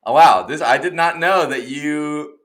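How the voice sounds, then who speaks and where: A young man co-hosting a casual podcast, excitable and quick to mock outrage, slipping into silly voices. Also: fairly high pitch. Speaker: podcast co-host. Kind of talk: casual chat.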